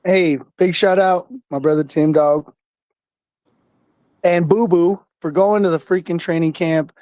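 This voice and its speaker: A man co-hosting a casual sports podcast, easygoing and upbeat as he gives shout-outs. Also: fairly high pitch, steady tone, unhurried, no room sound. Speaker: podcast co-host.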